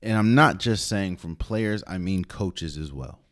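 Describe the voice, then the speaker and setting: A man hosting a solo sports podcast, giving opinionated, emphatic commentary with sudden loud rises and quiet asides. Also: deep voice, measured pace. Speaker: podcast host.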